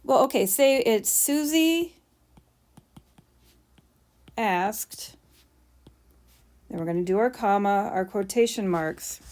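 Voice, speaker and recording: A woman teacher explaining punctuation while writing, with playful mock bragging asides. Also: medium pitch.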